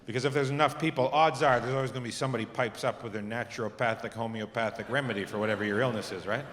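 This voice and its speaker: A middle-aged man doing a stand-up comedy set, telling stories in an animated, exasperated way with sudden high outbursts and a slightly sore throat. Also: racing. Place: theatre stage before a live audience. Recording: live theatre recording with long hall reverb and audible audience.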